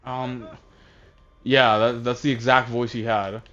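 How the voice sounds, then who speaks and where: A man casually recapping a movie while playing a game, rambling and halting, often distracted. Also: medium pitch, little pitch movement, a bit bright. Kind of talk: casual chat. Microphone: console voice chat headset. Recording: dull lo-fi voice chat audio.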